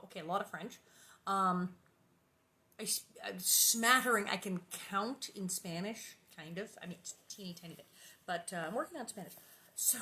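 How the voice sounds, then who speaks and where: Woman, host, chatty, rambling asides, book reading, living room livestream, mid pitch. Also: fairly bright tone. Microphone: livestream setup.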